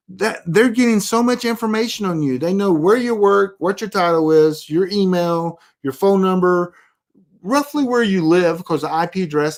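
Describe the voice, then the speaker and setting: A man giving a casual instructional talk on online privacy, emphatic and rambling, often repeating his warnings. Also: sits high. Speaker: presenter giving a privacy tutorial.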